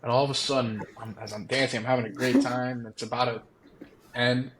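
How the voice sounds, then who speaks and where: A man's voice: mid-range voice, steady tone, brisk, noisy background. A young man, a former college baseball player, animatedly telling a story as a podcast guest, often laughing. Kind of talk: casual storytelling.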